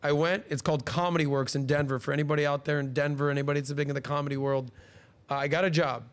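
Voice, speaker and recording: A man's voice: a little high, fast. A man in his forties hosting a podcast, telling stories casually and acting out the voices of the people he quotes. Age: 40s. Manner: animated, acts out quoted voices. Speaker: podcast host. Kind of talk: casual storytelling.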